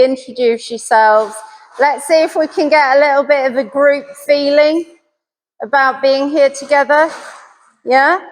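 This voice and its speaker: A middle-aged woman, a dog trainer giving a chatty, self-deprecating puppy class. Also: on the high side. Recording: reverberant hall.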